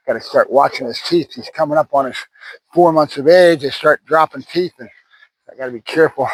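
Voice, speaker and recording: Outdoors, a dog trainer talks to the camera while cueing and praising a puppy, frequently adding "right?" to his points in a running commentary. His voice is fairly high, expressive and a bit bright at a moderate pace, and the rough recording has no room sound.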